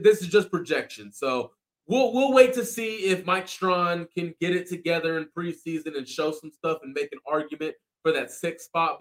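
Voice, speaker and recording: A man's voice: a little high, fairly bright tone. Laid-back man hosting a sports podcast. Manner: laid-back, hypes players with slang. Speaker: podcast host. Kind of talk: casual sports podcast chat.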